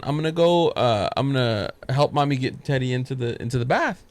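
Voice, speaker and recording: A man's voice: mid-range voice, lively intonation, quick pace, no room sound. A young father hosting a casual podcast chat, animatedly telling stories about his kids and acting out their voices. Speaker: podcast host.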